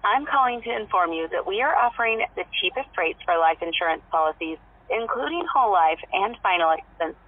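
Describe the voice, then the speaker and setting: A woman delivering a scripted insurance sales pitch as a telemarketer. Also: animated, fairly quick. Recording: dry tinny phone line.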